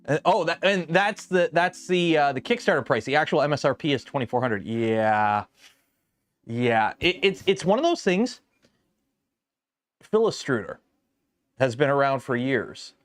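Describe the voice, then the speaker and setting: A man's voice: on the high side, expressive, a little slow, no echo. A man hosting a casual livestream from his garage workshop, chatting loosely with lots of ums and restarts as he builds. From lives south of Detroit. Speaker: livestream host building a 3D printer.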